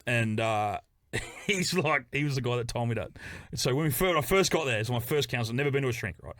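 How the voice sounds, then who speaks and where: A man's voice: medium pitch, expressive, fast talker, a bit bright, no room sound, studio quality. A man with a New Zealand accent telling a rambling, profane story on a podcast, laughing as he goes. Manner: storytelling, swearing, laughing often. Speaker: podcast guest. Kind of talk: casual podcast chat.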